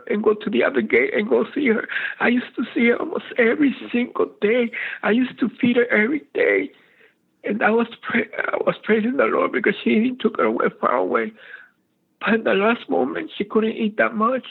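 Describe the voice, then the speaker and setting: A man's voice: extremely high pitch, gravelly, slightly rough. A man calling in to tell a faith story, speaking fervently in a prayerful way, his voice sometimes breaking with emotion, over a phone line. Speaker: caller sharing a faith testimony. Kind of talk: emotional spoken testimony.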